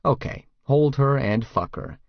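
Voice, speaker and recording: A man's voice: medium pitch, animated, measured pace, vocal fry, no echo, muffled recording. Blunt, matter-of-fact man narrating an audiobook. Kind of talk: first-person romance audiobook narration.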